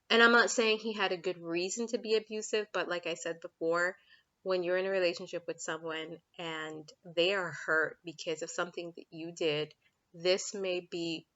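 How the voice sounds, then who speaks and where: Woman, relationship coach, casual frank vlog talk, bright forceful tone, lo-fi home recording. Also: lowish voice. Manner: chatty, frank, laughs often, breaks off to talk to her kids. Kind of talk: casual talking-head vlog.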